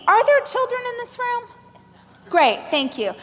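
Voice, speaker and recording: High-voiced woman giving a keynote. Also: normal speed, a little hiss or hum. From Oklahoma, US. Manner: animated storytelling, acting out other people's lines; self-deprecating humor. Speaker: motivational speaker. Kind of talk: keynote speech. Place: large event stage. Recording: reverberant hall from a stage.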